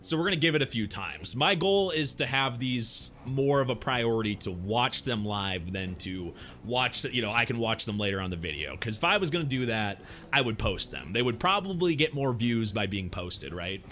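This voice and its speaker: A man's voice: mid-range voice, very animated, moderate pace, bright, forceful tone, a little hiss or hum. A young man live-streaming a webcomic read-through, chatting loosely with his viewers between panels. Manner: reads comic dialogue aloud, then chats loosely with viewers. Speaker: streamer reading a webcomic aloud.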